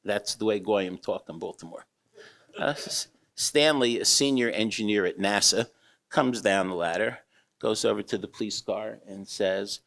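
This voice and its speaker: An older rabbi giving a humorous storytelling talk, with a wry manner and acted-out characters. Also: male voice, on the low side, normal speed, creaky, fairly bright tone. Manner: wry, anecdotal, acts out characters. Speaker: rabbi and eruv builder speaking.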